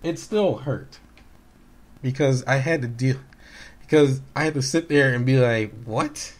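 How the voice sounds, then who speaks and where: A man's voice: mid-range voice, measured pace. A man in his late twenties or thirties talking casually on his own channel, rambling with many restarts and fillers, candid and hurt as he recounts what others said. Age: late 20s to 30s. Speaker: gaming YouTuber. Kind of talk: casual personal vlog talk.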